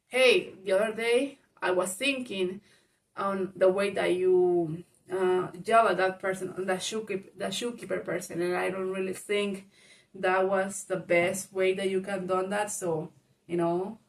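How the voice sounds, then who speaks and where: A woman's voice: medium pitch, recorded from a distance. A woman giving casual spoken advice to viewers, frank and chatty, laughing often, swearing and calling the listener baby. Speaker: advice vlogger.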